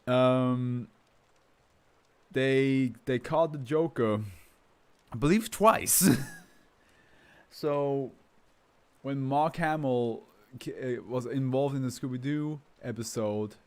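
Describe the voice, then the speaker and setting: A man's voice: medium pitch, fairly even intonation, slow, pauses often, a little mellow, smooth. A man talking in a loose, rambling way, full of fillers and laughs, then reading a document aloud as a streamer. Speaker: host reading to a live stream. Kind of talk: casual chat and reading aloud.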